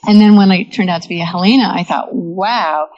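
A woman's voice: lowish voice, steady tone, fast talker, no echo. A woman in a casual chat, thoughtful and rambling with restarts. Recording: dull lo-fi sound.

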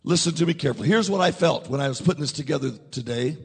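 A man's voice: a little high, very fast, gravelly, breathy edge, long reverb tail. A man, the pastor, preaching a sermon to his congregation and leading call-and-response. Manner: preaching with rising intensity and call-and-response prompts. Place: church sanctuary.

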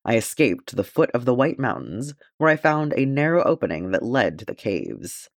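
A man's voice: medium pitch, very animated, normal speed, vocal fry, no room sound, studio quality. A man reading the part of a courteous, stalwart male dwarf warrior in an audiobook, in formal, gallant speech.

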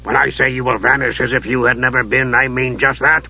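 A man voicing a worried old male dwarf with a deep, grim voice, giving dread-filled warnings. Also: level tone, a little fast, gravelly, bright, forceful tone, husky, full character voice. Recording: dull lo-fi audio.

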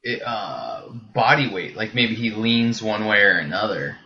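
A man's voice: on the low side, a little slow, dull audio. A man co-hosting a casual podcast, joking with a sarcastic edge. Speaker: podcast co-host. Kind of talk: casual chat.

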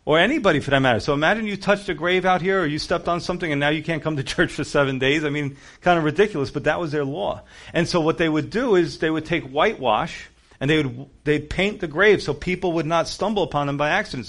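A man's voice: quick pace, few pauses. A male pastor preaching a casual, conversational sermon, acting out quotes and cracking jokes with laughter. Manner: animated, acts out quotes with shifting pitch and volume; conversational, jokey asides with laughter.

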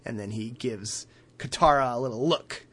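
A man's voice: medium pitch, normal speed, a bit bright. A man co-hosting a podcast in casual chat, retelling a cartoon episode with frequent laughs and fillers. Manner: laughs often, many fillers, acts out quotes. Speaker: podcast co-host recapping a cartoon.

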